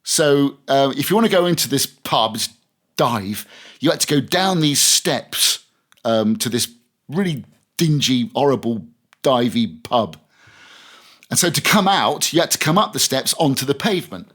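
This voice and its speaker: A man's voice: mid-range voice, lively intonation, normal speed, fairly bright tone. A man, a veteran radio presenter, telling anecdotes in a casual podcast interview, chatty and full of restarts. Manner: chatty anecdotal, many restarts, laughs through stories.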